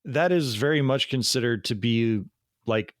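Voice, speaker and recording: A man co-hosting a podcast, chatting loosely and breaking into laughter often. His voice sits at an ordinary middle pitch. The sound is dry and close, with no room around it. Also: unhurried, dry recording. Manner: jokey, laughs often, puts on bad mock accents. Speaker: podcast co-host. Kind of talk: casual chat.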